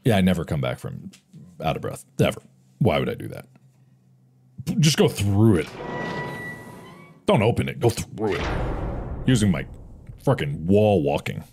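A man giving excitable gameplay commentary, reacting to a horror game with yelps and bursts of confusion. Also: deep voice, moderate pace, creaky, long pauses, music in the background. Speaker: gaming video host. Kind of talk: let's-play gameplay commentary.

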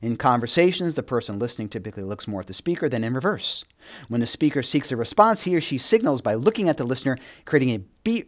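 A man teaching a course, reading from a textbook and adding quick asides, sometimes correcting himself as he reads. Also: mid-range voice. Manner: reads aloud with asides and small self-corrections. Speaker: instructor. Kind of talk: reading a textbook aloud with comments.

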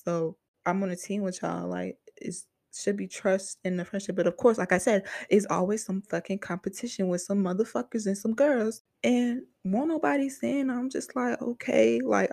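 A young woman hosts her own podcast and vents about a personal story, swearing freely and talking frankly. Her voice sits at an ordinary middle pitch and is recorded close up in a dry, deadened room. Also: darkish tone, dry recording. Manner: heavy profanity, frank and heated venting. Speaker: podcast host. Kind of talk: casual storytelling monologue.

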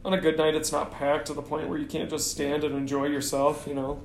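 Man podcast co-host, fairly high voice, roomy echo, chatty storyteller. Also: monotone, a little fast, gravelly, a little hiss or hum. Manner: chatty storyteller, laughs often. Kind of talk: casual chat.

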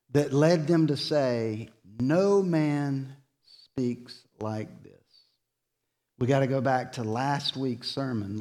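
A man preaching in a church with a slow, measured delivery. His voice swells to loud, emphatic peaks and then sinks to quiet, drawn-out endings. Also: mid-range voice. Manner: slow, dramatic preaching with sudden loud rises and soft drops. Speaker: pastor. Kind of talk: sermon. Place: church sanctuary.

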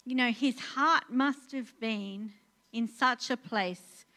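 A woman's voice: a little high, slow, bright, forceful tone. A woman, preaching a sermon in an earnest, conversational way with many fillers and restarts. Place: church in Portugal.

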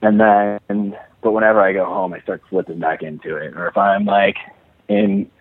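A man's voice: lowish voice, animated, normal speed, gravelly, no room sound. A man from Chicago, an actor being interviewed, talking casually and rambling with lots of fillers and restarts. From Chicago, USA. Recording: dry, tinny phone-like audio.

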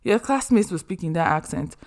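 A young woman from Nigeria, hosting a podcast and giving chatty, expressive advice with humorous asides. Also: on the low side, a little fast. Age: young adult. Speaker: podcast host. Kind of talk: casual advice monologue.

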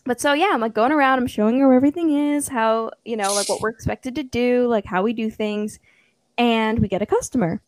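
A young woman in casual chat, telling a story with lively acted-out quotes and frequent laughter. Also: a little high, brisk, slight background noise. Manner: animated storytelling, acts out quotes, laughs often.

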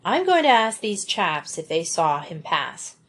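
A woman's voice: fairly low pitch, big pitch swings, measured pace, fairly bright tone, slightly rough, full character voice. A woman reading aloud, voicing a confident teenage boy detective in a storybook. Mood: eager. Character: teenage boy detective, eager and sure of himself.

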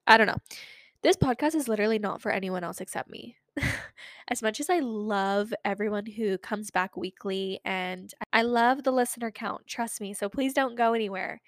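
A woman's voice: medium pitch, moderate pace, no echo, studio quality. A young woman in her twenties hosting a solo podcast, talking in a chatty, rambling way with lots of fillers. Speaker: podcast host.

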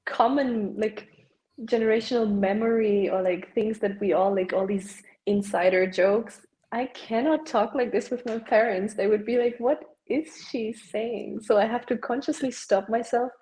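A woman's voice: on the high side, fairly even intonation, moderate pace, dark tone, poor audio. A young woman, chatting casually as a podcast guest and dropping "like" often. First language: German. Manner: chatty, peppers speech with "like". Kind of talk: casual chat.

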